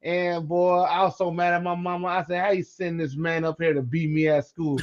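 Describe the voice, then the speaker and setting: High-voiced man telling a story, dull sound. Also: brisk. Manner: animated, acts out quoted voices, repeats words. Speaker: podcast co-host. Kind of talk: casual storytelling chat.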